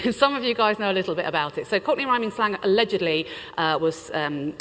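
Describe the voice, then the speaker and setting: A woman's voice: mid-range voice, animated, fairly quick, fairly bright tone. A woman with a British accent giving a chatty, playful talk to a conference audience. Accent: British English. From United Kingdom. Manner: chatty and playful, laughs between lines. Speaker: conference speaker. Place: large conference hall. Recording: reverberant conference hall.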